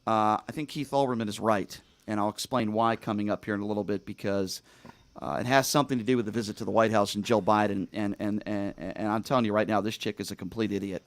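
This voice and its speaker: A man's voice: lowish voice, fairly even intonation, fast talker, no echo. A man hosting a studio talk show, talking emphatically with lots of fillers and restarts. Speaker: radio talk show host. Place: radio studio.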